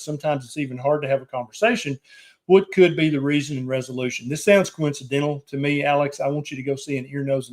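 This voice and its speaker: Plain-spoken doctor hosting a live show. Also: male voice, medium pitch. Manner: plain-spoken, direct, reassuring advice. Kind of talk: casual live-stream chat, reading viewer questions aloud.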